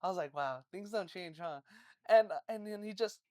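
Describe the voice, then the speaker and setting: A man chatting casually on a podcast, telling stories in an animated way, swearing and laughing often. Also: high-pitched, normal speed, no echo, clean studio sound. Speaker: podcast co-host. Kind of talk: casual chat.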